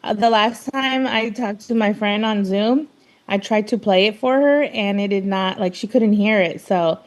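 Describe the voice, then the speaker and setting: A woman's voice: medium pitch, normal speed. A woman guest chatting casually on a podcast over a video call, giggly and chatty.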